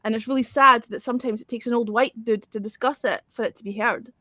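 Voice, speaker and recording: A woman. Her talk is blunt and full of swearing. Her voice sits fairly high, and the sound is dry and close. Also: fairly even intonation, quick pace, bright, forceful tone, no room sound. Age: 40s. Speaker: host. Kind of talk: casual chat.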